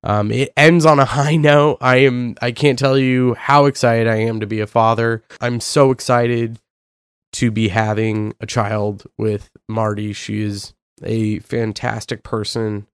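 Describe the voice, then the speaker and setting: A young man hosting his own podcast, speaking earnestly and getting emotional, with many fillers and pauses. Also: medium pitch, steady tone, smooth, dry recording, clean studio sound. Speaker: podcast host. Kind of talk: solo podcast monologue.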